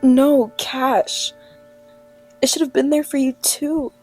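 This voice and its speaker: An actress voicing a remorseful young woman in an animated short film, speaking softly and apologetically. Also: high-pitched, slow pace, faint music behind, poor audio.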